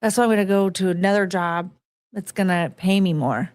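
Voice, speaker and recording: A woman talks through her own stories in a loose, rambling podcast monologue, full of fillers and restarts. Her voice sits at an ordinary middle pitch. The recording is dry, with no room around it. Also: brisk, darkish tone, no echo. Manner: rambling storytelling with fillers and restarts, frank and blunt. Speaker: podcast host. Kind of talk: casual monologue about past jobs.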